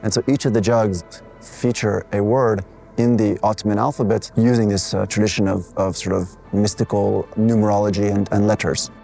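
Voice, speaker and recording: A man who is an artist presenting his collective's exhibition, walking listeners through the works in a measured, explanatory way with occasional restarts. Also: on the low side, steady tone, creaky, warm tone, soft background music. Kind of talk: gallery walkthrough talk. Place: art gallery.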